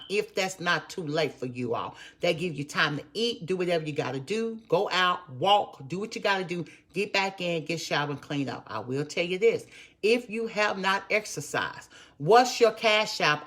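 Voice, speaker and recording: A woman's voice: lowish voice, fairly bright tone. A woman, giving a live-stream motivational talk as a network marketer and speaking with emphatic repetition to her viewers. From Texas. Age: 50s. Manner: emphatic, repetitive, preachy, addresses viewers as y'all.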